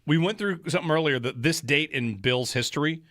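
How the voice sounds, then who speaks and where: A man hosting sports talk radio in a jokey, animated way, talking into a studio microphone. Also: a little high, dry recording. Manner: animated, jokey, quick to laugh.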